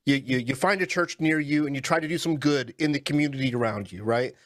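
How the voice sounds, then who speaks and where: A man, a podcast guest and former minister, talking in an animated, wry way. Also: mid-range voice, quick pace, no echo. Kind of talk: casual interview chat.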